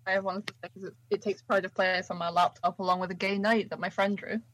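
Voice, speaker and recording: A woman's voice: medium pitch, level tone, fast talker, a bit bright, no room sound, low-quality recording. A woman co-hosting a podcast in casual chat, joking and teasing, swearing now and then. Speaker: podcast co-host.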